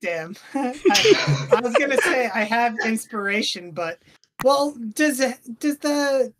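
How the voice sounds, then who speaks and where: A woman's voice: on the high side, sing-song, slow, a loud crowd. A woman playing in a tabletop game, talking hesitantly with restarts and nervous laughs. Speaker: player. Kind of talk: casual tabletop banter.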